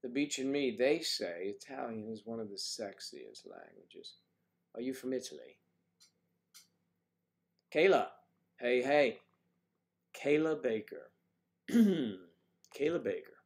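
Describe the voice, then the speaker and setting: An older man runs a casual morning livestream, playfully reading viewers' comments and greeting them by name. His gravelly, medium-pitched voice swings widely in pitch, moving slowly with frequent pauses.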